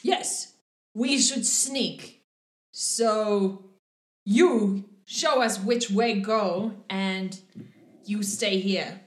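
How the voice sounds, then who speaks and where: A woman voicing a gruff, threatening female half-orc who speaks slow, broken English. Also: mid-range voice. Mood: commanding. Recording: roomy echo.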